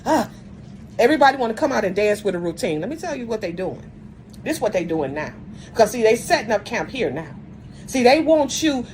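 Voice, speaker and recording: A woman talks straight to her viewers in an emphatic, lecturing monologue. She repeats her points and opens phrase after phrase with "see" or "look." Her voice sits at an ordinary middle pitch for a woman. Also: darkish tone, a little hiss or hum, rough recording.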